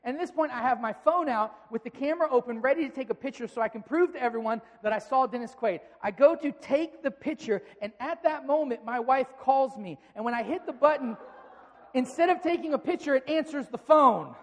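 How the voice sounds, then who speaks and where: A male pastor giving a sermon, telling a story with lively, animated delivery. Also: extremely high pitch, fairly quick. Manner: animated storytelling, shouting quoted outbursts. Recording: long hall reverb.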